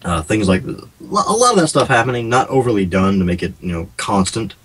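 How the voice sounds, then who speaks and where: Low-voiced man chatting on a radio show. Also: very animated, fairly quick, a bit bright, breathy edge, low-quality recording. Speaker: game developer guest. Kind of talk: casual radio interview.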